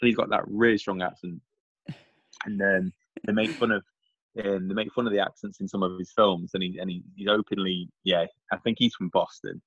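A man's voice: low voice, fairly even intonation, fairly quick, fairly bright tone, slightly rough, no echo, dull audio. A middle-aged English man in casual chat, rambling with many restarts and repeats. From England. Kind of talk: casual chat over a call.

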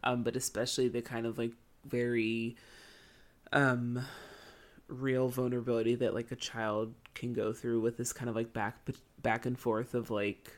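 Mid-pitched podcast co-host, halting casual talk. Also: level tone. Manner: halting and searching for words, many fillers. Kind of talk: casual chat.

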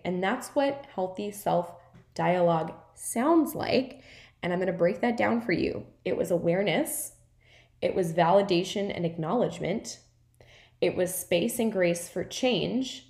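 A woman's voice: fairly low pitch, moderate pace. A woman hosting her podcast as a wellness coach, talking in a casual, earnest, encouraging way, with many "like"s and "right?" tags. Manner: chatty, filler-heavy, with frequent "like" and "right?" tags. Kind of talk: casual reflective monologue. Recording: roomy echo.

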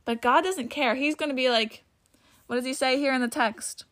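This podcast host has a high, slightly bright voice with fairly even intonation and a normal speed. Her Bible teaching is loose and chatty, peppered with "like", with some stuttering and moments where she loses her place and begins again.

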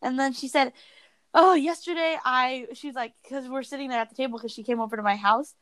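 Brief: excitable teen girl storyteller, fairly high voice, dry close sound. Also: quick pace, dry recording. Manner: animated, voice jumps up when excited. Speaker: podcast co-host. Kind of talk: casual storytelling chat.

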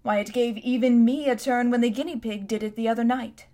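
A woman reading a storybook aloud, voicing a sly, self-satisfied elderly man with a slow, coaxing manner. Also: a little high, steady tone, dark tone, close to an everyday voice. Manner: smooth, slow and coaxing, with a hint of menace.

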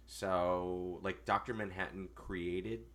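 A hoarse man co-hosting a casual podcast, opinionated and swearing freely. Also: deep voice, fairly even intonation, slow, a bit bright. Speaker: podcast co-host. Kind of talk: casual chat.

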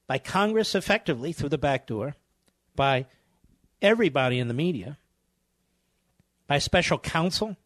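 A man's voice: a little high, sing-song, normal speed, pauses often, a bit bright, no room sound. A middle-aged man hosting a talk radio show, delivering scornful, combative commentary with hammering repetition.

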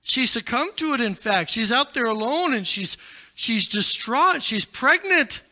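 A male pastor preaching a sermon in a dramatic way, rising to shouts and dropping low. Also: animated, measured pace.

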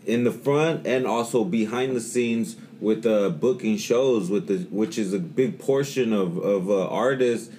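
Male co-host, lowish voice, meandering with lots of fillers. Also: unhurried, hardly any pauses, dark tone, a little hiss or hum. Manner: rambling, many fillers and restarts. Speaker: podcast co-host. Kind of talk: casual podcast chat.

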